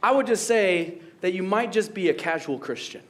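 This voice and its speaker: High-voiced, jokey young pastor. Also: male voice, expressive, moderate pace. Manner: casual, jokey, laughs at own jokes. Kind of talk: sermon.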